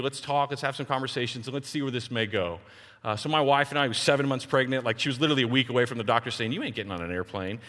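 A man in his forties from Texas, preaching a sermon and telling personal stories, acting out the voices of the people in them. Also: medium pitch. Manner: animated storyteller who acts out other people's voices. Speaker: pastor. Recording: long hall reverb.

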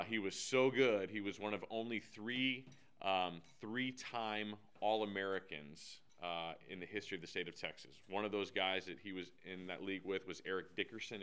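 Deep-voiced man telling a story. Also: smooth. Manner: relaxed storytelling with frequent fillers. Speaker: devotional speaker. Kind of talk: casual devotional talk.

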